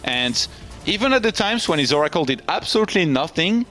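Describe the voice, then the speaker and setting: A man's voice: on the high side, very animated, fairly bright tone, soft background music. A man casting a live esports match, breaking down builds and cracking dry jokes. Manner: quick, dry joking analysis. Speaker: esports caster.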